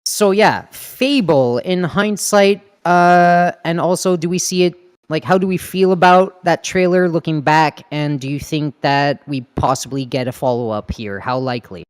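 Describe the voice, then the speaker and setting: A man from Canada hosting a casual gaming podcast, upbeat, laughing often and firing off quick questions. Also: fairly high pitch, clear, resonant tone. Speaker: podcast host.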